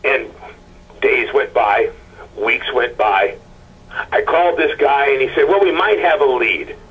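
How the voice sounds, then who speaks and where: A man recounting a painful personal story in a halting, stammering way, acting out the people he quotes. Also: medium pitch, husky, narrow, tinny audio. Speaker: husband of a missing woman, interview guest. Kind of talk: emotional personal account.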